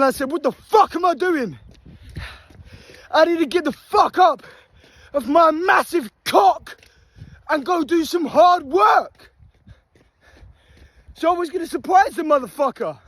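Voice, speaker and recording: A young man, out of breath, giving a swearing motivational rant while jogging at night with a phone. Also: very high-pitched. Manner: swearing, preachy, breathing hard while running. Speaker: fitness vlogger. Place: outdoors by a motorway at night. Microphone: phone held while running.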